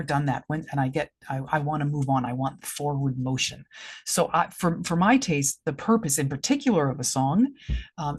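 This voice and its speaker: Her deep voice is a little mellow and slightly rough as this middle-aged director talks through feedback in a vlog. She often restarts her sentences and taps out the beats aloud to show where the stresses fall.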